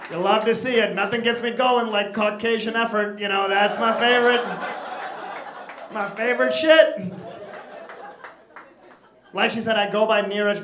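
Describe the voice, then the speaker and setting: A man doing a dry, wry stand-up set on a club stage, tossing off quick asides. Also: sits high, noisy background. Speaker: stand-up comedian. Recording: echoey live room with audible crowd.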